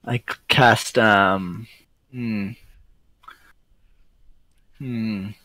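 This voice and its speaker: A man playing a tabletop role-playing game, speaking hesitantly and softly with frequent fillers. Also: lowish voice, fairly even intonation, very slow, no room sound. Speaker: player. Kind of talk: casual tabletop game play. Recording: dry, close sound.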